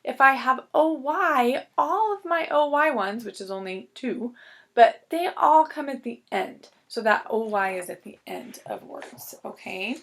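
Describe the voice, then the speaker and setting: A woman teacher giving a recorded reading lesson to young students, sounding out words slowly and patiently. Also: high-pitched, expressive, fairly bright tone.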